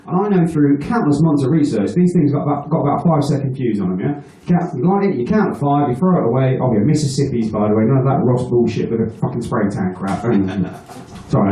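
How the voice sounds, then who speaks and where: A male stand-up comedian with a mellow, mid-range voice works a live crowd at a venue. His story wanders and gets crude, full of swearing and his own laughter at the jokes. The echoey room and distant mic give it a faraway sound.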